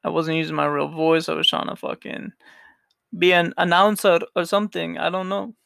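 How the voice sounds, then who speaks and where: A man's voice: on the high side, flat delivery, normal speed, vocal fry, fairly bright tone, smooth, dry recording, studio quality. A young man hosting a solo podcast who tells a story in a rambling, profane way and laughs often. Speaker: podcast host.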